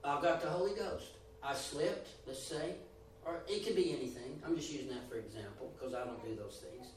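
A man's voice: mid-range voice, brisk, slight background noise. A man preaching a sermon with rising and falling emphasis, acting out the voices he quotes. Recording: echoey room, voice from a distance.

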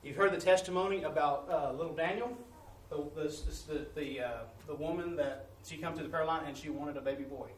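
A man's voice: a little high, steady tone, fairly quick, few pauses. Guy preaching testimony, folksy, acts out voices, far from mic w faint room noise. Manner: folksy storytelling, acting out dialogue. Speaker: missionary preacher. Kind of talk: sermon-style testimony with slides. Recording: echoey room, distant mic, faint ambience.

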